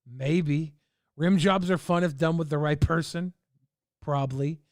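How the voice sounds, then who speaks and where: A man's voice: fairly high pitch, a little slow, no room sound, studio quality. A man hosting a livestream, giving rambling, laid-back commentary with chuckling asides. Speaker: livestream host. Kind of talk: casual stream commentary.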